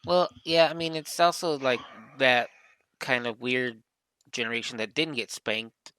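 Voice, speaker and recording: A man's voice: mid-range voice, a little slow, pushed and bright, clear, resonant tone, no echo. A man co-hosting a casual podcast chat, offering brief, dry remarks. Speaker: podcast co-host.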